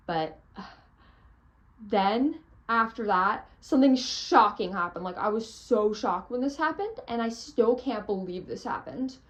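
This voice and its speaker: Speaking slowly with lively intonation, a teenage girl whose voice is on the high side tells an excited story about a theater trip. She's a theater fan vlogger, breathless and full of "like" and "oh my gosh."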